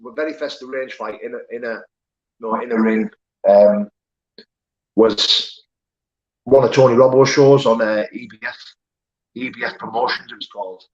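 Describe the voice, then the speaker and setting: A man's voice: medium pitch, fairly even intonation, normal speed, pauses often, highs cut off. A man, candidly telling his life story as an interview guest, swearing and rambling with many fillers. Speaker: guest, former prisoner turned pro fighter.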